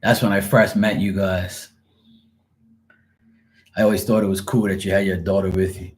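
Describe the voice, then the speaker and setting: A man's voice: low voice, little pitch movement, moderate pace. Joking, laughing tarot reader, a man. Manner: laughs often, profane, joking. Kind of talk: casual livestream chat.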